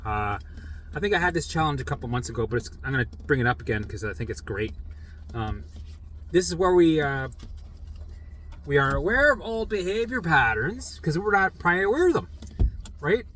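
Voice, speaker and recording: A man's voice: a little high, sing-song, fairly quick, long pauses, fairly bright tone, a little hiss or hum. A middle-aged man in a casual vlog monologue, talking bluntly with plenty of swearing and acting out old arguments. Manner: blunt and profane, acts out past arguments. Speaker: vlogger.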